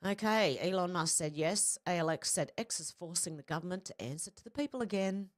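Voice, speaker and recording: An Australian woman with a slightly low voice, talking casually and bluntly and swearing freely. She reads out posts one after another and breaks in with quick asides of her own. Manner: blunt and profane, with mid-sentence asides. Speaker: political commentary vlogger. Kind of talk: casual commentary reading out social media posts.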